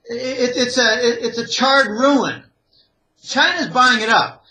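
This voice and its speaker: High, bright-voiced emphatic male analyst. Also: takes it slowly, low-quality recording. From Pittsburgh area, USA. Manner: emphatic, rambling, listing points. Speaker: financial analyst guest. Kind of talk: opinionated interview commentary.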